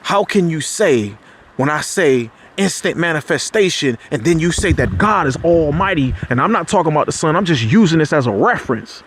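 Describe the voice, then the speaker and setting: A man delivers a fervent spiritual monologue in a husky, slightly breathy voice that sits a little high. His talk is loose and slangy, and his pitch jumps up when he presses a point. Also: lively intonation, normal speed. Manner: preachy, rises sharply in pitch when making a point; loose and conversational, with slang and restarts. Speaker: motivational speaker.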